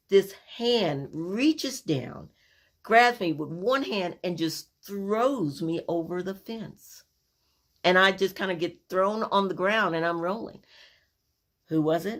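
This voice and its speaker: Lively woman telling family stories. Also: lowish voice, takes it slowly. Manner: animated, acts out scenes. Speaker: family storyteller. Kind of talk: personal storytelling.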